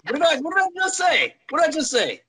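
A man's voice: extremely high pitch, fast, noisy background. A young man telling a story in casual podcast chat, swearing often and getting worked up. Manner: animated storyteller, swears a lot. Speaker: podcast co-host.

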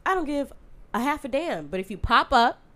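A woman's voice: sits high, very animated, brisk, a bit bright. Emphatic, swearing woman co-host. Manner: emphatic, profane, rhetorical questions. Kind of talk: casual group chat.

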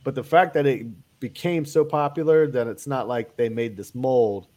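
A kayak angler guest who has a cold chats casually about kayak gear, rambling with lots of fillers and restarts. His mid-range voice has a darkish tone and a moderate pace.

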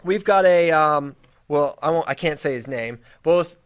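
A man's voice: a little high, moderate pace, clean tone. A man hosting a podcast, chatting casually and telling stories with lots of restarts. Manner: lively storyteller, restarts a lot. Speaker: podcast host. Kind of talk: casual chat and storytelling.

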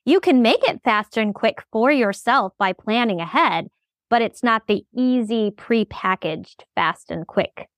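A woman's voice: on the high side, expressive, measured pace, no echo, studio quality. A middle-aged woman co-hosting a casual chat, talking in a practical way and summing up the points.

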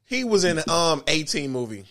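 Blunt wisecracking man, lively pitch. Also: moderate pace, dry recording. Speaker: podcast co-host. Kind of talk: casual banter.

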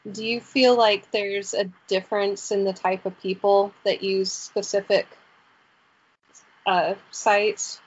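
A woman's voice: mid-range voice, level tone, slow, husky. A woman hosting a casual chat podcast, asking loose, rambling questions. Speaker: podcast host. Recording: dull lo-fi sound.

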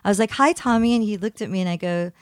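A middle-aged woman co-hosting a casual chat, animated as she tells stories and acts out what others said. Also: rapid-fire, clear, resonant tone, no echo, studio quality. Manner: animated storyteller, acts out quotes with raised pitch. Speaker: co-host.

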